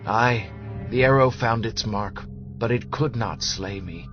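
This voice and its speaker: A man voicing an ancient, weary immortal who speaks slowly and solemnly. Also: on the low side, close to an everyday voice. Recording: dull lo-fi audio with music behind.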